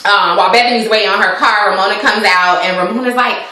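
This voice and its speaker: A woman's voice: medium pitch, fast talker, pushed and bright. A young woman recapping a TV episode in casual chat, filler-heavy and often laughing. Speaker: TV recap vlogger. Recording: very echoey room.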